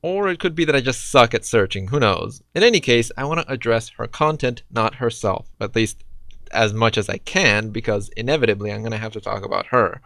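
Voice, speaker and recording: A man's voice: mid-range voice, fairly quick, vocal fry, a bit bright, no room sound. A man doing reaction commentary in a sarcastic, exasperated way. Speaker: response video commentator.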